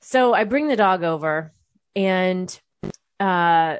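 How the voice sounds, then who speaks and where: A woman's voice: on the low side, lively intonation, slow, smooth, no room sound. A young adult woman telling a personal story to her viewers, candid and conversational, swearing freely and restarting her sentences often. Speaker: vlogger.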